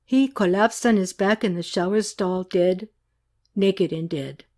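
A woman reading a novel aloud, voicing a soft-spoken male aid worker who talks in a formal, grave way. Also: mid-range voice, measured pace, natural voice. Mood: somber. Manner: quiet, plain and formal.

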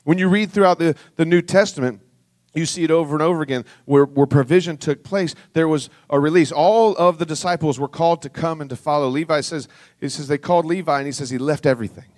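Earnest male pastor preaching. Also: fast. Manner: reads scripture aloud, dropping soft and low on solemn lines; earnest, conversational preaching with restarts. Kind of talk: sermon.

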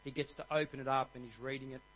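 A man in his forties giving a jokey, energetic church talk on marriage and rallying the congregation. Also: medium pitch, rapid-fire, slight background noise, poor audio. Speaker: guest speaker at church.

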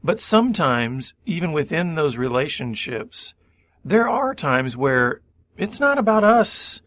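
A man's voice: on the high side, big pitch swings, a little slow, fairly bright tone. A man co-hosting a faith-based recovery radio talk show, thoughtful, building on his partner's points. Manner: thoughtful, builds on the other's point with many "I mean"s. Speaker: radio co-host.

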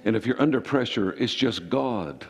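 A man preaching a sermon as pastor, with sudden emphatic rises and quick bursts. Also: mid-range voice, expressive. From Ireland. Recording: hall reverb.

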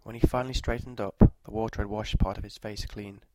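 Male narrator, dark and mellow tone, flat and measured, for a scripted story read. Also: lowish voice, low-quality recording.

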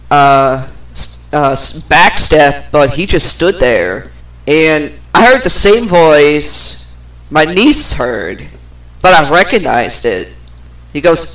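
A woman's voice: low voice, a bit bright. A woman hosting a podcast, telling a personal story in a blunt, profane, casual way. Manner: blunt and profane, slow, with many pauses. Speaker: podcast host. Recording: distant from the microphone.

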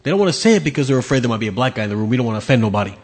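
A man's voice: medium pitch, animated, rapid-fire, slightly rough, big-room sound. A man hosting his own podcast, ranting bluntly and sarcastically with lots of swearing. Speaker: podcast host. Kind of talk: opinionated solo rant.

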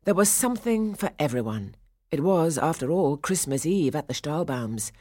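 A woman narrating a storybook in an expressive, measured storytelling manner. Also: low-pitched, no echo, clean studio sound.

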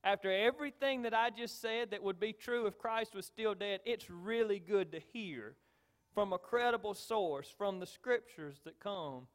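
A middle-aged man preaching a sermon as pastor, driving his points home with repeated phrases, swinging between loud stresses and quiet asides. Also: high-pitched, moderate pace.

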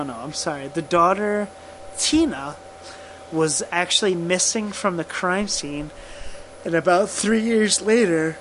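A man co-hosting a podcast, telling a true crime case in casual profane chat, halting and laughing often. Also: a little high, a bit bright, a little hiss or hum, poor audio. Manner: slow, halting, laughs often, drinking whiskey.

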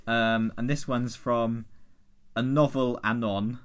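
A man hosting a casual podcast, reading listener emails aloud in a dry, deadpan way. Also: medium pitch, slow, clean tone. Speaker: podcast host.

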